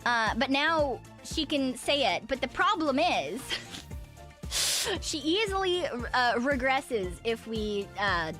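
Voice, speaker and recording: A woman's voice: sits high, very animated, slow pace, sharp tone, soft background music. Chatty, laughing woman streamer. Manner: chatty, laughing, swears casually. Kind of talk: casual livestream chat.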